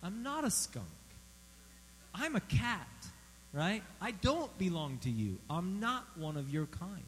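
A man's voice: high voice, big pitch swings, slow, in a large hall, a little hiss or hum, pitched above the performer's own voice, full character voice, rough recording. A man putting on an indignant female cartoon cat. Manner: indignant, insistent.

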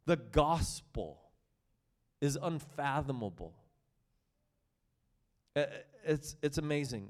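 A man preaching a sermon with passion, swinging between loud excitement and hushed, tender reading. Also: on the high side, slow pace, pauses often.

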